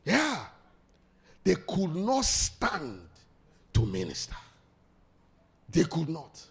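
A man's voice: high-pitched, very animated, very slow, creaky. A man preaching a sermon, leading call-and-response and laughing often.

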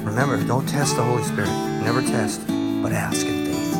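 A man preaching on his own program in an impassioned, pleading sermon, his voice going hoarse, with soft guitar music behind him. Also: steady tone, normal speed. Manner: impassioned, pleading, swings from loud to low and intense. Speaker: preacher hosting a religious program.

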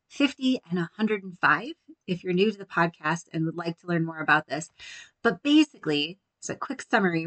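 A woman's voice: lowish voice, fairly bright tone, no room sound, low-quality recording. A woman hosting a faith-based coaching podcast, encouraging and walking the listener through examples. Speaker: podcast host.

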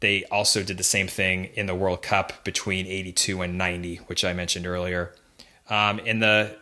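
Bright, forceful male podcast co-host. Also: on the low side. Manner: chatty, reads facts aloud with fillers. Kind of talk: casual podcast chat.

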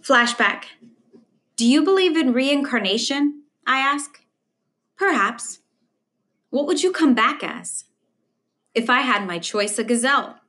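A woman reading a memoir aloud at a slow, measured pace. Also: high voice, animated, pushed and bright. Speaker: audiobook reader. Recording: echoey room.

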